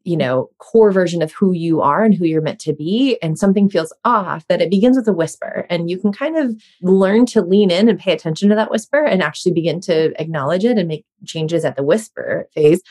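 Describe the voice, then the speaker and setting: A woman's voice: fairly low pitch, lively intonation, fairly quick, few pauses, a little mellow. A woman in her thirties hosting a conversation, chatty and self-deprecating, laughing often as she talks. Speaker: host. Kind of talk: casual podcast chat.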